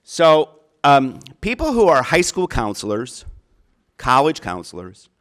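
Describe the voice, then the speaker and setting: Middle-aged minnesota guy talking to a crowd, smooth clear voice, chatty and earnest. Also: mid-range voice, wildly swooping pitch, measured pace, fairly bright tone. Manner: earnest, chatty, asks the audience questions. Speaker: college counselor, keynote speaker. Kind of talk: speech to an audience. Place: auditorium.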